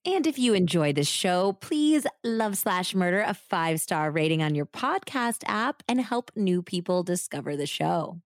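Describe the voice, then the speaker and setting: A woman's voice: lowish voice, big pitch swings, normal speed, few pauses, dry recording, clean studio sound. A woman co-hosting a true crime podcast, telling the story with dramatic flair and joking between segments. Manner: dramatic storytelling, playful banter.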